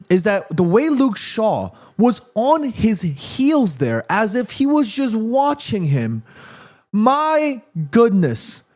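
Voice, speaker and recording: A man hosting a live football watchalong, reacting excitedly to the play and reading viewer comments aloud. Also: sits high. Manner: chatty, addresses viewers and reads their comments. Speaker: watchalong host.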